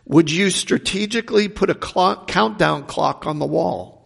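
A man's voice: high voice, a little slow, gravelly, breathy edge. Preaching man in a reverberant hall. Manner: rhetorical questions, swings from loud to hushed. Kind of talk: sermon.

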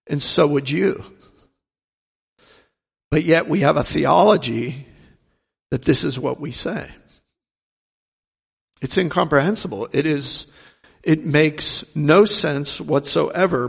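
A man preaching a sermon, asking rhetorical questions and swinging between loud and hushed delivery. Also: fairly high pitch, gravelly, husky, long reverb tail.

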